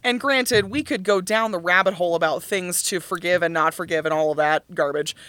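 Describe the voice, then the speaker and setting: Bright-voiced woman co-hosting a podcast. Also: on the low side, brisk. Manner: animated, laughs hard and curses. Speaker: podcast co-host. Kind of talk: casual chat about musical theatre.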